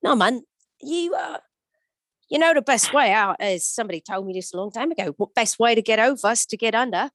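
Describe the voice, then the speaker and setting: A pushy, cheerful bloke, as a woman puts him on for an improv scene, coaxing and repeating himself. The voice is high and swoops all over the place, heard dry and close. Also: expressive, fairly quick, a bit bright, no echo. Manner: eager, repetitive, coaxing. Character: pushy, cheerful male mate egging on a sad friend.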